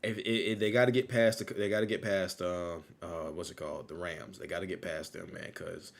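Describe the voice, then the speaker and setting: A man hosting a casual livestream, talking loosely and repeating his phrases, still low on energy after an illness. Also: fairly even intonation, a little fast, gravelly. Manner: loose, rambling, repeats phrases, laughs easily. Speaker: livestream host.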